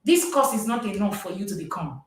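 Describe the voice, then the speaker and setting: A woman leads a live parenting course, pressing each point home and saying it again. Her voice sits at a middle pitch and comes from some distance off the mic, in a strongly echoing room. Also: very animated, a little fast. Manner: emphatic, repeats herself for stress. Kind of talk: live-streamed course talk.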